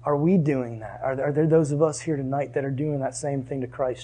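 A man preaching a sermon in a conversational way, asking the room questions and dropping to hushed tones for emphasis. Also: medium pitch, fairly even intonation, brisk.

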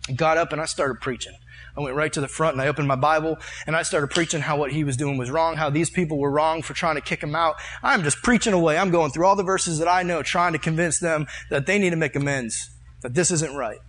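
A man preaching a sermon, telling a personal story with fervent, animated delivery and leading a prayer. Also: on the high side, fast.

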